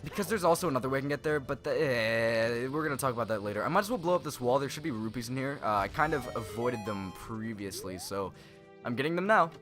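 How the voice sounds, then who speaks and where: A man's voice: medium pitch, lively intonation, fast talker, fairly bright tone, soft background music. A young man hosting a let's play, giving rambling, self-correcting casual commentary on a video game.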